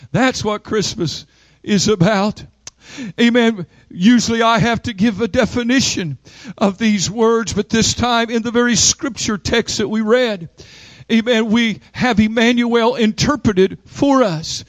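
High-voiced preacher, rhythmic and shouting. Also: male voice, a little slow, dry recording. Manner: rhythmic call-and-response preaching, rising to shouts. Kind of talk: sermon.

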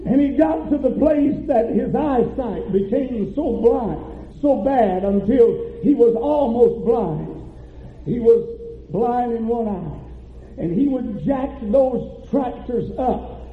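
Pastor, male, high voice, slow fervent sermon, tinny echoing church recording. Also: lively intonation. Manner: preaching with rising fervor and drawn-out emphasis. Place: church sanctuary. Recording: echoey church, tinny phone-like audio.

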